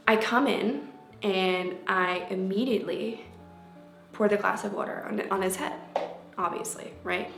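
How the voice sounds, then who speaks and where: Gravelly-voiced woman telling a story. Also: mid-range voice, unhurried, pauses often. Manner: animated, acts out quotes in changing voices. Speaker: vlogger and life coach. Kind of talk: casual storytelling to camera. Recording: echoey room with faint background music.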